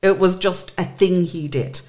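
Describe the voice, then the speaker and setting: An Irish woman in her forties, a podcast guest, telling a personal story in an emotional, animated way and acting out what others said. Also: fairly low pitch, measured pace.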